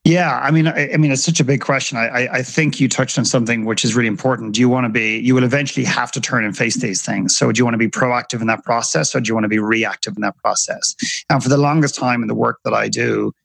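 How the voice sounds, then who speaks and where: A man's voice: mid-range voice, fairly even intonation, quick pace, fairly bright tone, no room sound, poor audio. A man from Ireland, a podcast guest, telling stories earnestly and often repeating words as he thinks. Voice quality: gravelly, husky. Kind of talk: reflective storytelling in conversation.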